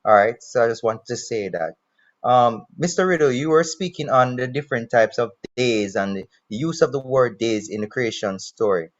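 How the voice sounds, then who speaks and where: A man's voice: medium pitch, dull audio. A man on a video call, asking a panel speaker a question and thinking aloud with some hesitation. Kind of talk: casual discussion.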